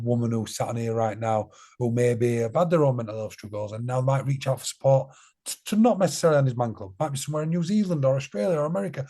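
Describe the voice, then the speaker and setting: This man is a charity co-founder appearing as a podcast guest, talking casually with a medium-pitched, warm voice. He comes across blunt and earnest, often repeating phrases to drive a point home.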